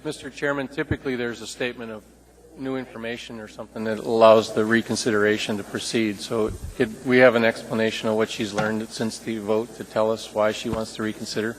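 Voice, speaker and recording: A man addressing the chair, calmly explaining the procedure for reconsideration. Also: on the low side, fairly quick, a little hiss or hum. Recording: distant mic with faint ambience.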